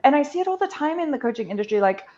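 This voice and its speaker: A woman's voice: high voice, sing-song, rapid-fire, darkish tone. A woman speaking earnestly and emphatically in a casual conversation, swearing now and then for emphasis. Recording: dull lo-fi audio.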